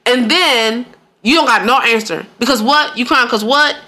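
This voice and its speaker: A woman's voice: a little high, normal speed. A young woman co-hosting a casual podcast, telling family stories with lots of laughter and acted-out quotes. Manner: animated storytelling, laughs often, acts out quotes. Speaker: podcast co-host.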